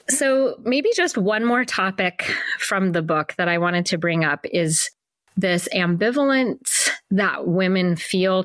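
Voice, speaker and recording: A woman's voice: lowish voice, fairly bright tone, no echo. A woman hosting a podcast, speaking in a thoughtful, affirming, reflective way. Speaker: podcast host. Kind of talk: casual conversation.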